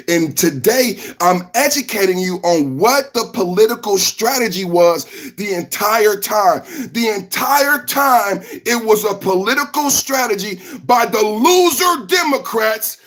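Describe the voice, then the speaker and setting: A man hosting a political reaction podcast, talking emphatically, repeating lines and breaking into shouts. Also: sits high, expressive, unhurried, few pauses. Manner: emphatic, repetitive, bursts into shouting. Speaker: podcast host.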